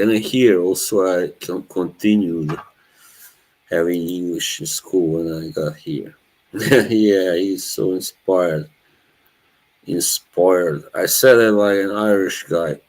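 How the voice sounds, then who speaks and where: A laid-back streamer from Bosnia, whose first language is Norwegian, chats casually with his live chat and laughs often. His voice sits low, he takes his time speaking, and the audio quality is poor.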